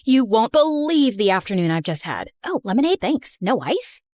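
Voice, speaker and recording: A young woman tells her story with sarcasm and exaggerated, chatty asides. Her voice is high and swings widely in pitch. It is recorded dry and close to the mic. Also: big pitch swings, moderate pace, darkish tone, no room sound. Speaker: narrator. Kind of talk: animated story narration.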